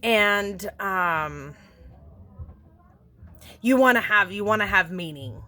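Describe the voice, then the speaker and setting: A woman vlogger talking gently and earnestly to camera, walking through a forgiveness practice with many fillers and restarts. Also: mid-range voice, animated, slow, slight background noise. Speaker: self-help vlogger. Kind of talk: casual instructional talk to camera.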